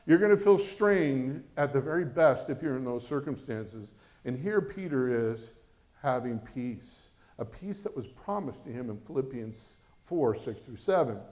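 A man preaching a sermon as pastor, animated and acting out quoted voices. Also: a little high.

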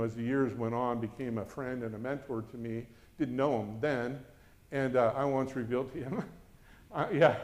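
A middle-aged man preaching a sermon in an earnest way, moving between loud urgency and hushed, personal confession. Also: a little high. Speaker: pastor.

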